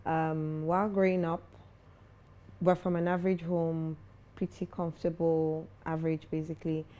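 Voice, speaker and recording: A young woman speaks as an interview guest, earnest and self-assured. Her voice sits a little low and sounds mellow rather than bright. She talks with conviction and grows animated when she tells a story. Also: moderate pace. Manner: earnest, confident, animated when telling stories. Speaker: foundation founder, guest. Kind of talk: interview conversation.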